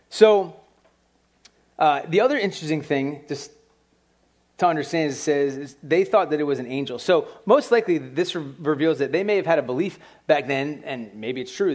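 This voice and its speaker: Pastor, male, somewhat high voice, chatty and animated delivery, addresses the congregation directly. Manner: casual and animated, with lots of "like" and asides to the congregation. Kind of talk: conversational sermon.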